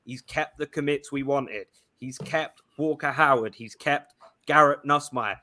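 A man's voice: medium pitch, measured pace, pushed and bright. A man ranting in casual, profane podcast chat.

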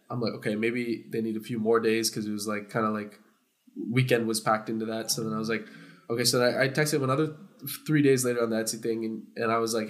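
A young man co-hosting a podcast, telling a story casually to friends. He gets loud and laughs when worked up. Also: on the low side, flat delivery, quick pace. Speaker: podcast co-host.

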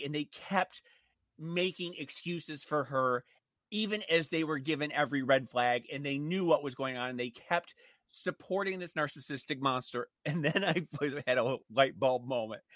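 A man co-hosting a casual chat, telling stories in an animated, emphatic way. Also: fairly high pitch, no echo. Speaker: co-host.

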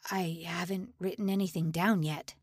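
A woman reading an audiobook and voicing a frightened male prisoner who speaks quietly with a tremor. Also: on the low side, steady tone, normal speed, slightly rough, dry recording, studio quality. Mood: fearful. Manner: hushed, trembling, near a whisper.

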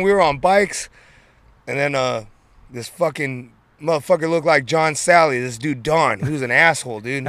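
A man from San Francisco spins loose, streetwise stories in a relaxed interview, full of slang and cursing. His voice sits a little high for a man. The recording is close and dry, with no room sound. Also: dry recording. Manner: laid-back, profane, streetwise slang. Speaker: interview guest, skateboarder. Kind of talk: casual storytelling interview.

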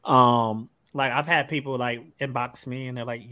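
A man's voice: medium pitch, flat delivery, a little slow, sharp tone, clean tone, no room sound. A man hosting a podcast in casual, conversational chat. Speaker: podcast host.

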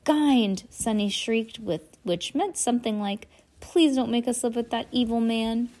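A woman's voice: a little high, a little mellow. Woman casually reading a book aloud. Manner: reads aloud haltingly, stops to comment and laugh. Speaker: reader. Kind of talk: casual read-aloud with asides.

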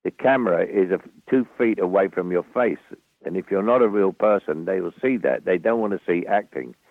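An older Cockney man with a very low, gravelly, husky voice tells stories in a halting, rambling way with a dry wit. The sound is tinny and phone-like, with a close, dry feel. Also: no echo. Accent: Cockney London. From London, England. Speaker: guest actor. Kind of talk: anecdotal storytelling. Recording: tinny phone-like radio audio.

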